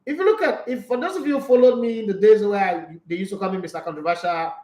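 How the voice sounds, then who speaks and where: Brief: high-pitched Nigerian male sports host, outspoken and emphatic, echoey room. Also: fast talker, a little mellow. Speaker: sports talk show host. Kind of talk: casual sports commentary, reading viewer comments.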